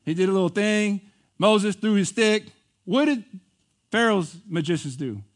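A man's voice: sits high, expressive, unhurried. A man preaching a sermon in a conversational way, asking the congregation questions and laughing between points. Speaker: pastor.

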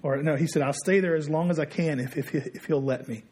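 A man's voice: fairly high pitch, a little fast, a little mellow, slightly rough. A man preaching a sermon, telling a story in a conversational way and dropping his voice when he quotes others. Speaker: pastor.

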